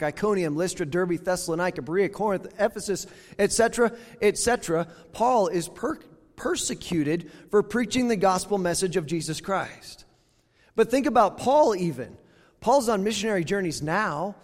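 A man's voice: sits high, in a large hall. A man preaching a sermon in a conversational way, reading scripture aloud with emphasis. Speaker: pastor.

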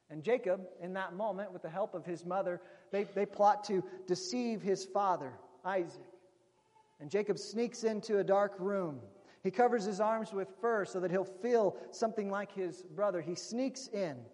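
Guy preaching, high voice, chatty storytelling, long echo like a big hall. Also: normal speed, darkish tone. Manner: conversational storytelling, addresses the audience as friends. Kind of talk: sermon. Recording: long reverb of a large hall.

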